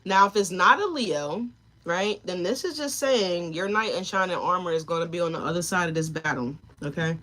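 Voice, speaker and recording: A woman's voice: lowish voice, animated, moderate pace, a bit bright. A woman giving a live tarot reading, talking straight to her viewers and chat, emotional and tearful at times. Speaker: tarot reader.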